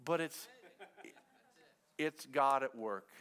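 A middle-aged male pastor with a medium-pitched, slightly bright, clean-toned voice speaks slowly. He delivers a conversational sermon in a church sanctuary, repeating short phrases and putting questions to the congregation.

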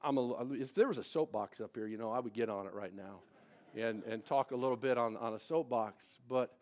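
In church before his congregation, a male pastor preaches a live sermon, swinging from loud, emphatic delivery to quiet, confiding asides. He often restarts and repeats words, speaking at medium pitch and a fairly quick pace.

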